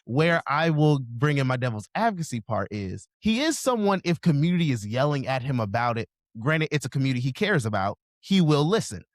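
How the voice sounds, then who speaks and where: A man hosting a podcast, talking politics in an easy, conversational way. His pitch sits in a middle range, and the recording is dry and close. He weighs both sides before he makes his point. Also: very animated, brisk, hardly any pauses, no echo. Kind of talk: casual political discussion.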